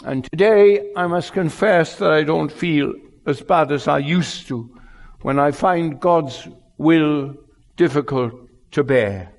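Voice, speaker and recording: A male pastor preaching a sermon in an earnest, unhurried way, his loudness rising and falling. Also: a little high, vocal fry. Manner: slow, earnest preaching with wide swings in loudness. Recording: long hall reverb.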